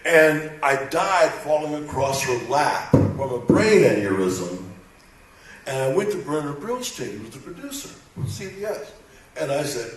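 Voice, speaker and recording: An older man, a voice actor on a convention panel, tells rambling anecdotes to a live audience, animatedly acting out quoted dialogue and restarting his sentences. His voice is on the high side and a little slow. He's picked up from far away in an echoey convention hall.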